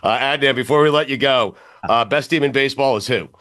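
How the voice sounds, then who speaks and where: A man's voice: medium pitch, fairly quick, sharp tone. A middle-aged man hosting a sports podcast, teasing his guest and laughing often in casual chat. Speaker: podcast host.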